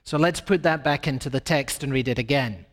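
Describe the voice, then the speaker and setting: A man preaching a sermon emphatically, with dramatic shifts in pace and pitch. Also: fairly quick. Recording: long reverb of a large hall.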